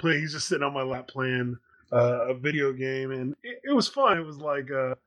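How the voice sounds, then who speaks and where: A man's voice: mid-range voice, lively intonation, moderate pace, a bit bright, lo-fi sound. A man in his thirties hosting a podcast, telling a rambling story in casual chat with plenty of fillers. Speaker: podcast host.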